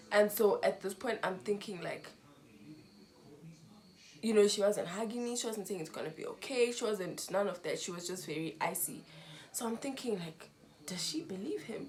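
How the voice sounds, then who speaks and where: Young woman telling an emotional story. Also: mid-range voice. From Zimbabwe. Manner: emotional, animated retelling with quoted dialogue. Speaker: vlogger. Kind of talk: storytime vlog.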